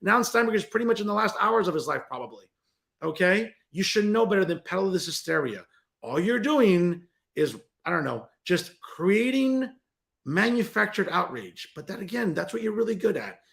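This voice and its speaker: A man's voice: high-pitched, very animated, normal speed, creaky, fairly bright tone. A man hosting a political commentary show, ranting in a combative, sarcastic way and addressing listeners as folks. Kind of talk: opinionated political commentary monologue.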